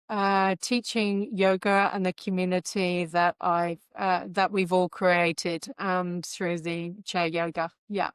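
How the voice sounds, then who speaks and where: A middle-aged woman yoga teacher, a podcast guest, talking in a gentle, earnest, reflective way. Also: medium pitch, clean tone, dry recording. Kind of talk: casual interview chat.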